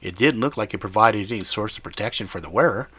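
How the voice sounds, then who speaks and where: Gritty profane male storyteller, lower-pitched, dry and upfront. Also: fast, bright, forceful tone, slightly rough, no room sound. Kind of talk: scripted fiction narration.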